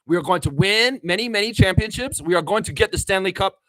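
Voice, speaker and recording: Man putting on a boastful team president, high-pitched, loud, sweeping ups and downs, press-conference bravado. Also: animated, fast, no room sound. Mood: triumphant. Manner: grand announcement, pitched well above his own voice.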